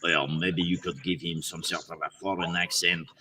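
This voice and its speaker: A man's voice: low-pitched, fairly even intonation, moderate pace, distant mic, noisy background. A man, a voice actor, chatting casually and playfully about demonstrating character voices. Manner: playful, laughs often.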